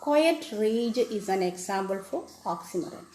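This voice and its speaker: A woman teacher, explaining a poem to children and repeating each definition slowly. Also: medium pitch, animated, mellow. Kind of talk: classroom lesson on a poem. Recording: echoey room with faint background noise.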